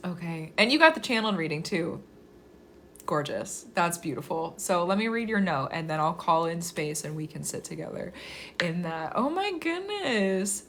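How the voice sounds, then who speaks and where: A woman astrologer chatting on a live stream and giving readings, effusive and quick to laugh, sometimes slowing into a soft invocation. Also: on the low side, animated, a little hiss or hum. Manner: effusive, gushing, laughs often.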